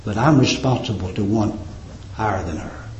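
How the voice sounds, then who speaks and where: A man preaching a sermon, fervently rising to emphatic peaks and dropping to quiet endings. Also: lowish voice, normal speed, reverberant, slight background noise, poor audio. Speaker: pastor. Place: church.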